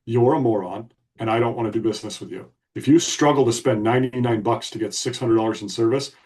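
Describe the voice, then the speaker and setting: A man's voice: mid-range voice, darkish tone, distant mic. A man co-hosting a podcast, telling a story in a blunt, emphatic way. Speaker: podcast co-host. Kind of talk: casual storytelling.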